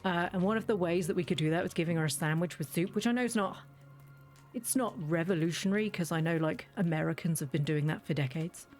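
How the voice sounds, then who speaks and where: A woman's voice: fairly low pitch, fast, darkish tone, faint music behind. A woman chatting and rambling through a game playthrough, often correcting herself and laughing. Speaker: streamer. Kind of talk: let's play commentary.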